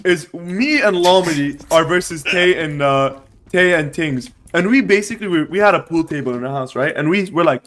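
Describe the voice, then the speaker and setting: Animated and swearing, a man relates a wild story to his friends during a casual livestream, peppering it with "bro" and "right." His pitch is fairly high, and he speaks at a moderate pace.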